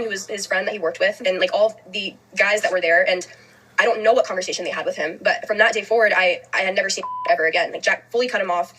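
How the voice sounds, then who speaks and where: A young woman, a guest in an interview, telling a personal story in a fast, halting way full of "like" fillers. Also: mid-range voice, fairly bright tone, slightly rough, poor audio. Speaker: podcast guest.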